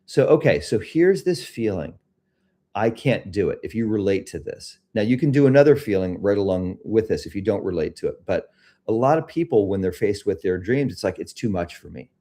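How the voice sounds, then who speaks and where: A middle-aged man hosting a live self-help talk, speaking reflectively about fear and then gently guiding listeners through a body meditation. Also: fairly low pitch, big pitch swings, brisk. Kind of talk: casual talk leading a guided meditation.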